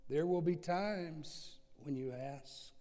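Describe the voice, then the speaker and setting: A man preaching a sermon, slow and earnest, with dramatic swings from soft to loud. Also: fairly high pitch. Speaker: pastor. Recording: long hall reverb.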